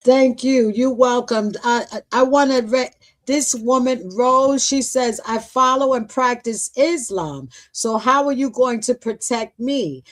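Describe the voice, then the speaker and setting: A woman's voice: on the high side, a little slow. A woman hosting a livestream interview over a video call, who halts as she reads out viewer questions. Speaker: host.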